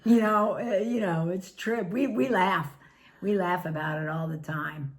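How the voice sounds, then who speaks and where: Low-voiced chatty middle-aged woman. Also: unhurried. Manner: chatty, laughs often while telling stories. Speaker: family caregiver. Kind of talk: casual storytelling vlog.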